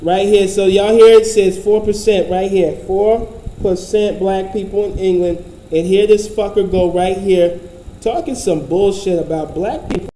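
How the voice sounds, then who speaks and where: High-voiced, dark-toned man, rambling casual commentary, faint noise behind. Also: normal speed, roomy sound, low-quality recording. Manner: profane, blunt, rambling.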